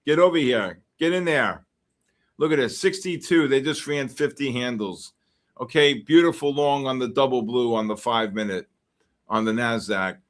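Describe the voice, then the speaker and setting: A man from the Bronx, hosting a live futures trading stream and reacting excitably to the market while greeting viewers. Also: mid-range voice, moderate pace. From the Bronx, New York. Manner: excitable, greets chat names in bursts. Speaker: host and futures trader.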